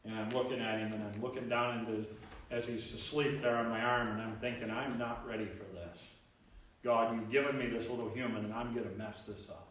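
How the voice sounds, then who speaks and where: A man preaching a sermon as pastor, animated, acting out voices from the Bible story. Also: medium pitch, brisk, slight background noise. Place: church sanctuary. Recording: very echoey church, mic at distance.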